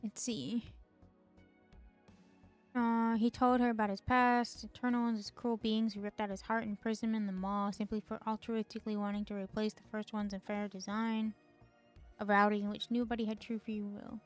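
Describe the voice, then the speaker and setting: A woman's voice: medium pitch, little pitch movement, moderate pace, clean tone, soft background music. A woman host giving casual, slangy, profane commentary on game lore, full of chatty asides. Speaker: gaming video host.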